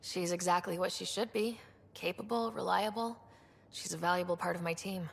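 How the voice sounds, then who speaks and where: An actress playing a composed woman squad leader in a game, speaking in a steady, measured way. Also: fairly low pitch, vocal fry, in a large hall.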